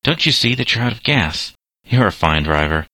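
A man's voice: fairly low pitch, big pitch swings, moderate pace, pushed and bright, no echo, pitched above the performer's own voice, full character voice. A man voicing an indignant grown motorist who scolds and mocks a young driver. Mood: mocking. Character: indignant grown male motorist, mocking then helpful.

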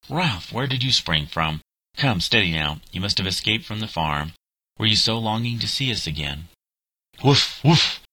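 A man reading a children's story aloud in a measured, even voice. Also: deep voice, no echo, low-quality recording. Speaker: narrator.

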